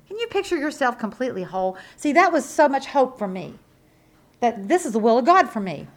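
A woman preaching a sermon, emphatic and repetitive, with folksy asides to the congregation and swings from loud to soft. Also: high-pitched, sing-song, brisk.

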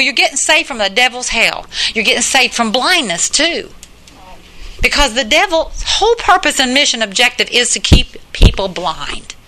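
A woman's voice: sits high, bright, forceful tone. An older woman preaching a sermon in an earnest, plain-spoken way, repeating her points for emphasis.

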